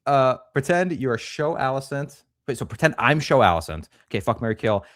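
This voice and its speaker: A man's voice: medium pitch, sing-song, brisk, fairly bright tone, dry recording, studio quality. A man co-hosting a casual livestream, reading chat comments aloud and joking crudely. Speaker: podcast co-host.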